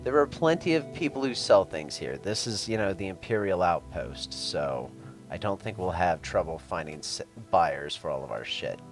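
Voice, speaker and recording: A man's voice: low-pitched, lively intonation, normal speed, faint music behind. A man giving casual gameplay commentary, chatting sarcastically to game characters and swearing freely. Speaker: let's play gamer.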